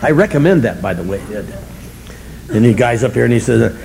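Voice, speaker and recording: A man's voice: medium pitch, lively intonation, brisk, gravelly, darkish tone, slight background noise, low-quality recording. Wry, joking man telling his recovery story. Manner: wry, self-mocking humor, chuckling often; blunt, colorful language. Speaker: recovery meeting speaker. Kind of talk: storytelling talk to an audience.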